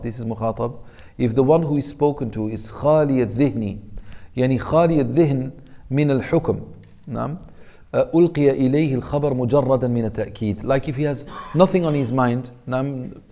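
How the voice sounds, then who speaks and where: Speaking at medium pitch, a man leads an Arabic rhetoric class, giving explanations in English and rapidly reading Arabic passages. His manner with the students is relaxed and joking.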